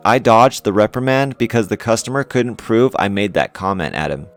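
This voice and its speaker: A man with a fairly low voice reads online stories aloud as a channel host, dropping in casual, wry comments between them. Faint music plays quietly behind him. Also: moderate pace.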